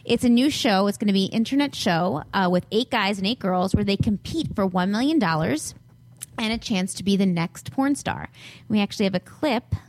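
A woman's voice: medium pitch, expressive, moderate pace, low-quality recording. A woman co-hosting a podcast, presenting news items in a chatty, upbeat way. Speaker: podcast co-host reading the news. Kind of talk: casual chat.

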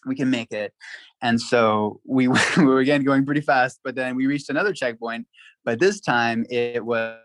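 A man guesting on a podcast, telling a story in a lively, casual way, full of "like" and acted-out quotes. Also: mid-range voice, moderate pace, dry recording, poor audio. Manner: animated, acts out quotes, frequent "like" fillers.

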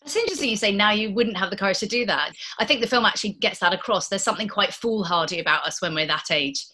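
Woman interviewer, bright sharp tone, calm questions. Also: mid-range voice, fast talker.

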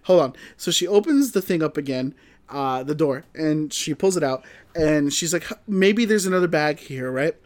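Young guy on a podcast spinning a story, slightly high voice, does little voices for everyone, laughs a lot. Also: normal speed. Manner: animated, acts out quoted lines, swears, laughs often. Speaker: podcast co-host telling a story. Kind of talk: casual storytelling chat.

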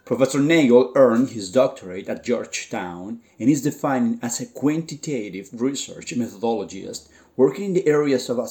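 A man reading a scripted podcast introduction in a slow, formal way. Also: mid-range voice, warm tone. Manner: reads slowly and formally. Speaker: podcast host, intro announcer. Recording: intro read over clear guitar music. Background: guitar music.

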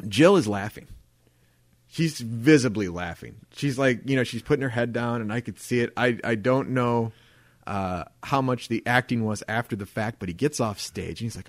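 A man co-hosting a podcast, telling a story in a casual, animated way and acting out what people said. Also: mid-range voice, moderate pace, no room sound, clean studio sound. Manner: animated, laughing, acts out quotes. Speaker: podcast co-host.

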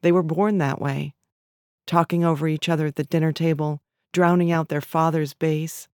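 A woman voicing an older grandmother, a quiet, wry observer, in a story reading. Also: low-pitched, fairly even intonation, moderate pace, smooth, dry recording, clean studio sound. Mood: weary.

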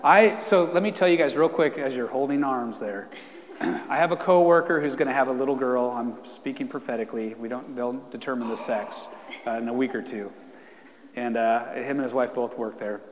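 A man's voice: medium pitch, moderate pace. A man preaching a sermon to his congregation in a casual, conversational way, then leading a fervent prayer. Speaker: pastor. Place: church sanctuary. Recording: long reverb in a church hall.

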